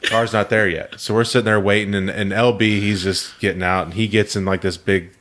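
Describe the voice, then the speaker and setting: A man co-hosting a podcast, telling a story in casual chat, animated, swearing and laughing often. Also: on the low side, brisk, a little hiss or hum. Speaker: podcast co-host.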